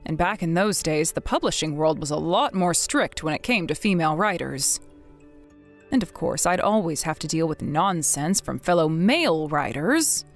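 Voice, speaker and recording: A woman playing a blunt, widowed older mother who scolds her grown son in a measured, firm way, in a scripted text-message drama. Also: fairly low pitch. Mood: calm.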